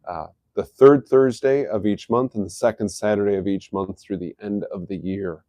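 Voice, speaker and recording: A man's voice: on the low side, steady tone, normal speed, warm tone, no echo, dull audio. A middle-aged man hosting a live health talk, explaining in an easygoing, casual way. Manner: easygoing, explanatory, chuckles at his own jokes. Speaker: host of a health live stream.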